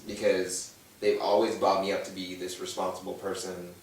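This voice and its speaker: A man in his thirties, a guest on a talk show, candidly tells his own story in a low-pitched voice at a moderate pace. He's animated, acting out the voices of the people involved. The room is echoey, with a distant mic and faint noise.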